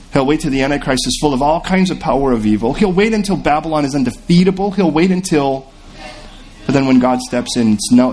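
Man preaching an expressive sermon. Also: medium pitch. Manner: expressive preaching, acts out the voices of biblical figures. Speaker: pastor.

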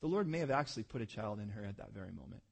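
A man's voice: fairly low pitch, lively intonation, very fast, gravelly. A man preaching a sermon in a conversational, humorous way, acting out quoted prayers and voices. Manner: humorous, self-deprecating asides. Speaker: pastor.

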